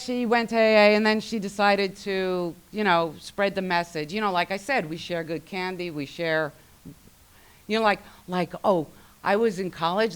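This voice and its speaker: A woman's voice: on the low side, fairly bright tone, slight background noise. A woman speaking at a recovery meeting, sharing her personal story in a wry, self-mocking way and acting out what her family said.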